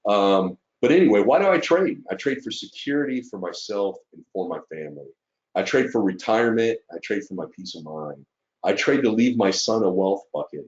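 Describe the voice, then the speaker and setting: A man with a fairly low voice gives a casual webinar talk about his trading. He speaks earnestly and emotionally, full of fillers and little "right?" check-ins. The audio sounds dull and lo-fi. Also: darkish tone. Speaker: trader presenting to fellow students.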